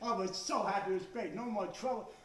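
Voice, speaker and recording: Older new stand-up guy, shouts the punchlines, distant mic in a roomy club. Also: sits high, quick pace. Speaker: stand-up comedian. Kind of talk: stand-up routine. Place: club stage before a live audience. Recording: echoey room, far from the mic.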